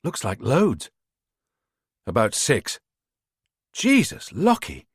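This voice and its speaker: A man's voice: medium pitch, wildly swooping pitch, breathy edge, no room sound, clean studio sound, pitched above the performer's own voice, exaggerated voice. A man voicing a bold, playful young woman who teases and jokes. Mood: alarmed. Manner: teasing, quick to joke.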